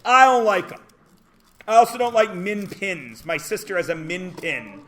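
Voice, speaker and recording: A man teaching a math class, lecturing with loud jokes and rants that break into shouts. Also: high voice, moderate pace, a little hiss or hum.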